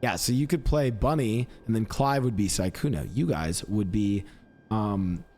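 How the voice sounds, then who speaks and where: A man's voice: fairly low pitch, expressive, measured pace, a little mellow, a little hiss or hum. A man streaming live, chatting casually in a rambling, upbeat, self-mocking way. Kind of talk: casual chat.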